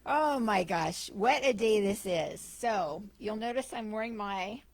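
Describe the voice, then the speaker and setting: Lively woman giving a church talk. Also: medium pitch, unhurried, gravelly, no echo. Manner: lively, enthusiastic, jokey. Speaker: guest speaker.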